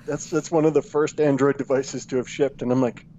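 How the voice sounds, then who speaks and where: A man chats casually as a guest on a call-in podcast. He jokes, laughs often, and now and then slips into gruff voices, with a faint hiss behind him. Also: medium pitch, fairly even intonation, fairly quick, mellow, dull audio. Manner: jokey, laughs often, puts on gruff ogre voice. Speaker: game studio guest.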